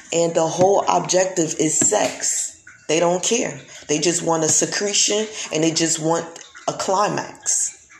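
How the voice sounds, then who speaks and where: A woman's voice: lowish voice, a little mellow, slight background noise. A woman vlogger in a casual monologue, talking emphatically and preachily, often repeating herself. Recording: echoey room.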